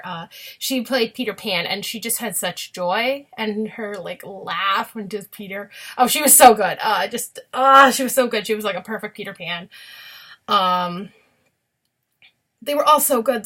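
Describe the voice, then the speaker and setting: A woman's voice: mid-range voice, moderate pace, sharp tone. A young woman vlogger chatting casually about a musical, gushing and chatty with many fillers. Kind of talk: casual chat.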